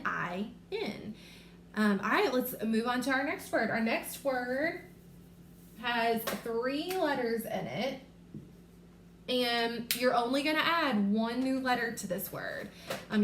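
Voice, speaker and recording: A woman teaching a remote reading lesson to young children, sounding out letters and words slowly and clearly. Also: fairly high pitch, fairly bright tone. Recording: echoey room with faint noise.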